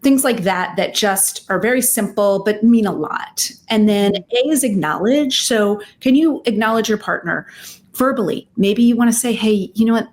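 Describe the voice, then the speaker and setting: Woman guest, therapist type, mid-pitched, conversational and animated with lots of fillers. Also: normal speed, slight background noise. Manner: animated, uses many fillers and acted-out quotes. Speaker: psychotherapist and relationship expert guest. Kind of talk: conversational advice interview.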